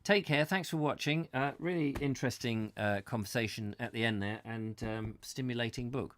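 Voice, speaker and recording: A man in his fifties chatting live to his viewers, halting and rambling as he searches for words, earnest and heartfelt. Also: medium pitch. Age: 50s. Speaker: host of a live reading channel. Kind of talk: casual live chat to viewers. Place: his own studio.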